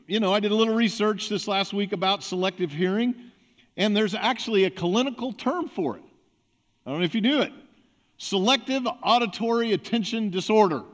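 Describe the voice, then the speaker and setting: High-voiced man preaching a sermon. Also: a bit bright. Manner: conversational preaching with acted-out examples. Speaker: pastor. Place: church sanctuary.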